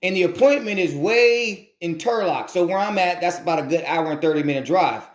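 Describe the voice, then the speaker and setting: A man delivers an earnest motivational talk, often repeating phrases and asking rhetorical questions. His voice sits a little high. The room around him is echoey. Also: brisk. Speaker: motivational speaker.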